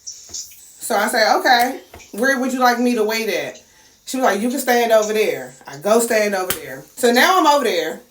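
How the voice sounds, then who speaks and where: A woman telling a casual story, acting out the voices of people in it with big swings in pitch. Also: normal speed. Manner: animated, acts out quotes with big pitch swings. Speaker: storyteller host. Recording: echoey room with faint noise.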